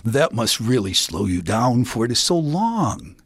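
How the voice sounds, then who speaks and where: A man voicing a sly, scheming male coyote in a folk tale, speaking low, slow and half-whispered. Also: very animated, breathy edge, no room sound, studio quality, exaggerated voice. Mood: wheedling.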